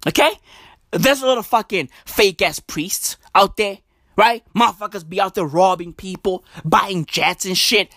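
A woman podcaster delivering a loud comedic rant, full of swearing and slang, often breaking into shouts. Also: mid-range voice, a little slow, dry recording, studio quality.

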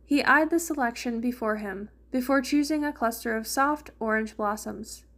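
A woman's voice: fairly high pitch, normal speed, a bit bright. A woman reading a fan fiction story aloud, narrating and lightly voicing the characters. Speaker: fanfiction reader.

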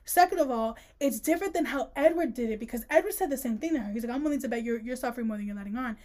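Animated, slangy woman podcaster. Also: a little high, racing. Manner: animated, slangy, acts out characters' lines. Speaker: podcast co-host. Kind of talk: casual book-discussion chat.

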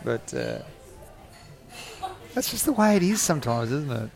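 A man's voice: mid-range voice, big pitch swings, measured pace, creaky, a little mellow. A man in his forties, hosting a rambling, jokey, self-mocking solo podcast recorded in a cafe. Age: 40s. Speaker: podcast host.

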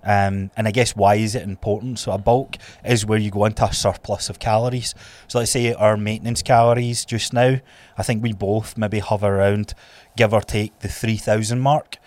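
A Scottish man in his thirties co-hosting a fitness podcast, blunt and animated, swearing freely. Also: on the low side, normal speed, few pauses, dry recording. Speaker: podcast co-host and trainer. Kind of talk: casual podcast chat.

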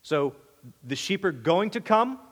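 A man with a high voice preaches a sermon in a conversational, emphatic way, often stumbling over repeated words. His voice rings with a long reverb, as in a church sanctuary. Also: big pitch swings, measured pace. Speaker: pastor.

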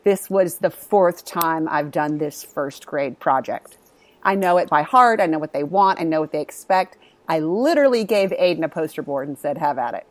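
Candid, swearing mom telling stories. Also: female voice, deep voice, lively intonation, normal speed. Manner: candid storytelling, swears freely. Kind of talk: casual chat.

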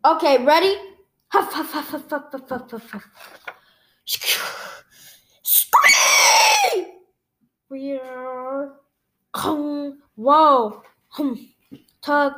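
A woman's voice: high voice, slow, pauses often, a bit bright. A woman reading a graphic novel aloud, saying the sound effects and the dialogue in the same reading voice. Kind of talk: read-aloud storytelling.

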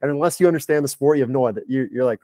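A man's voice: medium pitch, racing, dark tone, no room sound. A man on a podcast as a guest, a performance director, telling a long casual story full of "like". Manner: chatty, lots of filler "like".

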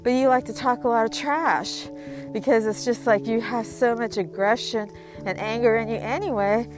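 A woman's voice: on the high side, steady tone, normal speed, music in the background. A woman giving casual advice in a rambling, conversational monologue full of fillers.

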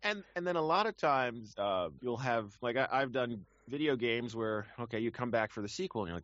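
A man's voice: lowish voice, a little fast, few pauses, a bit bright, dry recording, muffled recording. A man who works as a professional voice actor, talking casually and animatedly, with frequent restarts and fillers. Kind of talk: casual conversation.

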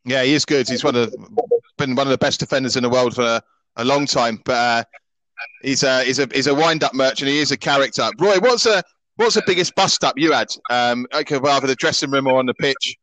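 A man of middle pitch hosts a relaxed chat, prompting his guest with questions. His voice is recorded close and dry. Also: brisk, no echo, low-quality recording. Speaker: podcast host. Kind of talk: casual interview chat.

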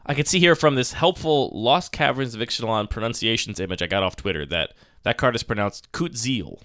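A man co-hosting a casual podcast chat, quick and teasing, prodding his co-host along. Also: mid-range voice, a bit bright, no room sound, studio quality.

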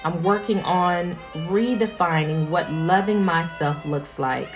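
Slow, earnest woman in her forties. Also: fairly low pitch, music in the background. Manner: earnest, emphatic repetition. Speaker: mother sharing reflections. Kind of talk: personal reflective monologue.

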